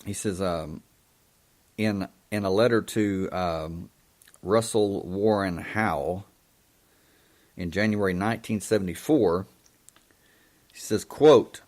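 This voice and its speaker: A man hosting a live show monologue, halting and full of ums and restarts, with an indignant, emphatic way of talking. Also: low-pitched, darkish tone. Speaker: host.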